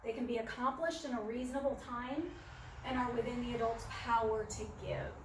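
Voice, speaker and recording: A woman's voice: on the high side, fairly even intonation, brisk, background noise. A woman giving a practical parenting workshop who now and then acts out what a parent would say to a child. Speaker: workshop presenter. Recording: echoey room, speaker far from mic.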